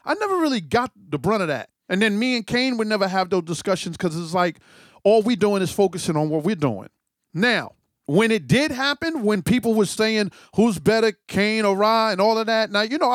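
A man's voice: high voice, sing-song, brisk, dry recording, clean studio sound. A man who works as a DJ, talking in an easygoing, matter-of-fact way in an interview. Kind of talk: casual interview.

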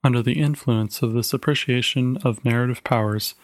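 A man reads a short story aloud in a measured, clear storytelling voice of middling pitch. The recording is close and dry, with no room sound. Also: fairly even intonation, no echo. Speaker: narrator. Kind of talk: audiobook reading of a short story.

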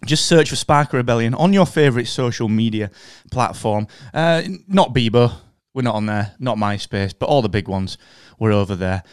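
A man hosting a casual podcast, jokey and upbeat with quick asides. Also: medium pitch, clean tone, no echo, clean studio sound. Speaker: podcast host.

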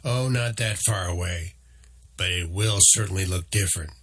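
A man voicing a small, knowing male meerkat guide who talks in a calm, matter-of-fact way. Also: low-pitched, moderate pace, husky.

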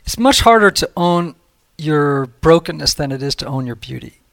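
Brief: slightly high gravelly male host, warm encouragement, chatty podcast. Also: animated, normal speed. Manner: encouraging, exclamatory, laughs often. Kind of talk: conversational podcast.

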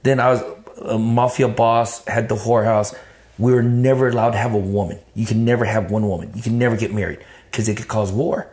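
A man from Texas with a lowish voice talks a little fast, recounting his life story casually and animatedly. Cursing is constant, and he performs his past thoughts as if reliving them.

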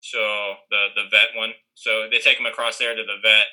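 A man's voice: lowish voice, level tone, moderate pace, bright, forceful tone, rough recording. A young man casually telling a rambling story, full of fillers and restarts, acting out what others said. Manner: rambling, many fillers and restarts, acts out quoted lines.

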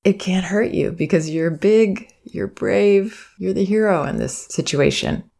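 Woman, parenting educator, gentle and reflective, gravelly vocal fry, advice monologue. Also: mid-range voice, animated, unhurried. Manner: gentle, reflective, acts out soothing phrases to a child. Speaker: parenting educator and podcast host.

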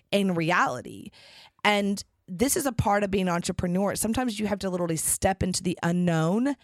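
A chatty middle-aged woman talks through a casual podcast monologue, animated and full of fillers. Her voice sits a little low for a woman. The sound is close and dry. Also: no echo. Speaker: podcast host.

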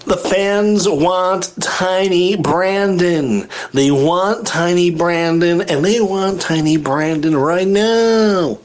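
A man's voice: high-pitched, takes it slowly, hardly any pauses. A man co-hosting a comedy podcast, riffing in a playful, absurd way. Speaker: podcast co-host. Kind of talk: comedic casual chat.

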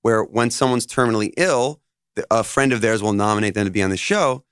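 A man speaking as a musician guest in an interview, telling stories in a loose, rambling, animated way. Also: on the low side, a little fast, clear, resonant tone, no echo, clean studio sound. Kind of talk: casual interview storytelling.

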